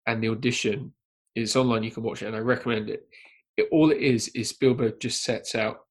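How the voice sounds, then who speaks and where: A man in casual podcast chat, telling a film anecdote with lively energy and acting out quoted lines. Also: a little fast. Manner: animated storyteller, acts out quotes in high voices. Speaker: podcast panelist.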